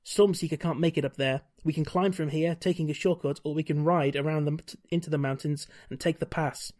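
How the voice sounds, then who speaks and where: Guy reading out a cheery half-elf ranger dude, kinda high voice, just read plain off the page. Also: steady tone, brisk, darkish tone, close to an everyday voice. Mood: earnest. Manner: read aloud plainly from a gamebook.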